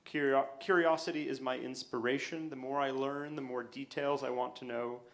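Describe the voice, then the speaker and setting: A man's voice: medium pitch, steady tone, moderate pace, a bit bright. A man hosting a literary stage show, introducing the next speaker from notes with small slips. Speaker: show host.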